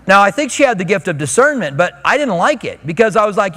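A man's voice: sits high, very animated, fairly quick, fairly bright tone, in a large hall. A male pastor preaching a sermon in a conversational way, acting out the voices he quotes. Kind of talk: expository sermon.

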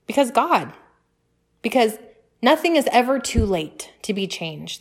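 A woman, hosting a casual podcast and talking with enthusiasm and faith-filled encouragement to other mothers. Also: mid-range voice.

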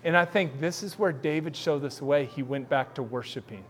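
A man preaching a sermon in a casual, animated storytelling way, acting out bits of dialogue. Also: mid-range voice, a little fast, a little hiss or hum. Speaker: pastor.

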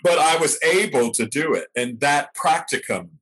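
A man's voice: a little high, animated, moderate pace, fairly bright tone, breathy edge, low-quality recording. An older man, an actor being interviewed, telling stories of his early training, reflective and laughing at himself now and then. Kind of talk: storytelling in an interview.

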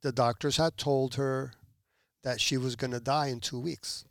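This podcast guest from Puerto Rico has a gravelly, mid-range voice and a measured pace. He shares his testimony in a lively way, voicing the people he quotes, and the recording is dry and studio-clean.

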